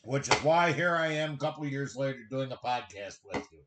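Man, podcast co-host, casual chat, crude profane teasing, animated voice, faint noise behind. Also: medium pitch, fairly quick, echoey room.

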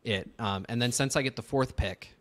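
A man's voice: mid-range voice, normal speed, a bit bright. A young man co-hosting a podcast in casual chat, blunt and laid-back with short replies. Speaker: podcast co-host.

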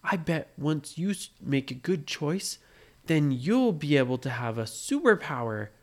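A woman voicing an excitable, quick-tempered young boy in a bedtime story, her voice lifted a little higher. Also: full character voice. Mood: excited.

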